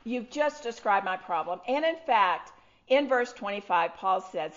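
A middle-aged woman, telling her personal testimony to a live audience in an animated, self-deprecating way. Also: mid-range voice, unhurried, highs cut off. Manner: animated, self-deprecating storyteller with frequent restarts. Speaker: speaker sharing her testimony. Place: room with an audience.

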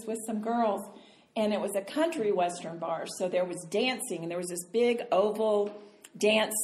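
An older woman giving a storytelling sermon as a Bible teacher, chatty and animated. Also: a little high. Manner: animated, chatty storyteller who laughs often. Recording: roomy hall sound with faint noise.

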